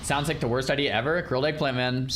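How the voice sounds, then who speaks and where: A male streamer chatting casually with his viewers in an animated, incredulous way. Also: medium pitch, fast, slight background noise. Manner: animated, incredulous, talks to chat. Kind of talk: casual livestream chat.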